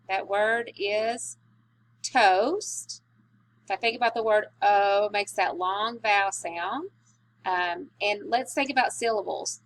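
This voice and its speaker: A woman's voice: medium pitch, a little hiss or hum. Woman teacher, patient phonics lesson. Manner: slow, patient, stretching out sounds. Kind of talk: recorded spelling lesson.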